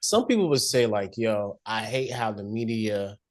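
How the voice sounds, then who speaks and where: A man co-hosting a podcast, discussing a TV episode in relaxed casual talk and quoting characters in a plain voice. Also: lowish voice, moderate pace. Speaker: podcast co-host. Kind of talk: casual TV recap chat.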